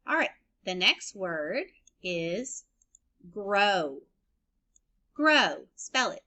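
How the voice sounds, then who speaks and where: A woman teaching young children a recorded phonics lesson, sounding out and spelling words slowly and deliberately. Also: medium pitch, sing-song, pushed and bright. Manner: slow, deliberate spelling and sound-blending for kids. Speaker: elementary school teacher.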